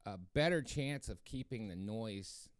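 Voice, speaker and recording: A man's voice: lowish voice, lively intonation, measured pace, no echo, clean studio sound. A man casually rambling to viewers as he hosts his own drum practice stream, with many fillers and restarts. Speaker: drummer hosting a practice stream.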